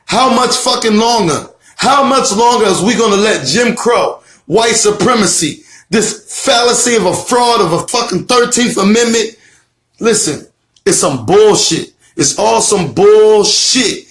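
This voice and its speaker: A self-styled teacher with a high, fairly bright voice presents his theory in a fiery, profane online lecture, animated but unhurried. Preachy and emphatic, he swears a lot, repeats lines, and fires off rhetorical questions.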